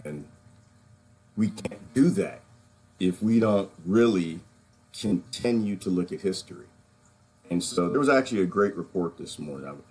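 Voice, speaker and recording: A man hosting a live online show, talking in a halting, emotional monologue with many restarts, near tears. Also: low-pitched.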